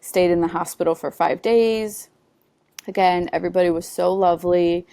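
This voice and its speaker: A woman guest on a podcast, telling a personal story in earnest, halting conversation full of "like" and "you know.". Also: fairly low pitch, steady tone, warm tone, clean tone, dry recording.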